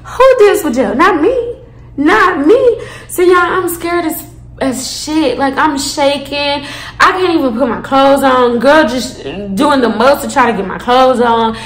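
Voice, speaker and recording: A woman in her twenties telling a story to her viewers in an animated, dramatic way, swearing freely. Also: high-pitched, unhurried. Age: 20s. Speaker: storytime vlogger. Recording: echoey room.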